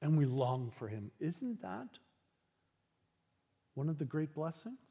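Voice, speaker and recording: A man preaching a sermon as pastor, earnest and unhurried, dropping into soft, hushed passages. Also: medium pitch, slightly rough, big-room sound.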